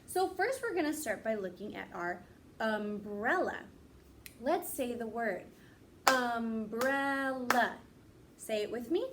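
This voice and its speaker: Slow, encouraging woman teacher. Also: a little high, a little hiss or hum. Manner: slow, encouraging, stretches words out. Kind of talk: classroom lesson for young children.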